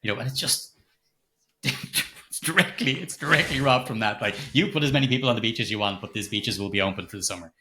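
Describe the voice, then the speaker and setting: A quick-talking middle-aged man with a bright, forceful voice. He swears freely and acts out scenes from a film as he reviews it on a podcast. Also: on the low side, a little hiss or hum. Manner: sweary, animated, retells scenes with quoted lines. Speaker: podcast co-host. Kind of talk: casual film review chat.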